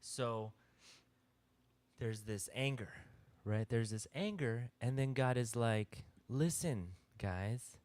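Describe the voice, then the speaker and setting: Slow-talking man leading a Bible chat. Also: mid-range voice, a little mellow, clear, resonant tone, no room sound. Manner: slow, conversational teaching with frequent "all right?" check-ins. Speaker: youth group leader. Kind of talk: casual Bible discussion.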